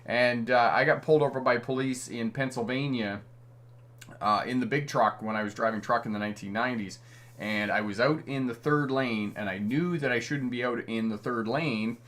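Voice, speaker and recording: This man, a middle-aged driving instructor from Canada, chats warmly through viewer comments during a live stream, often chuckling. His mid-range voice is a bit bright, and he talks at a normal speed.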